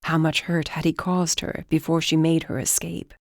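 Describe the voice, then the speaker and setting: An audiobook narrator reading a first-person fantasy novel in an even, measured way. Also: medium pitch, no room sound, clean studio sound.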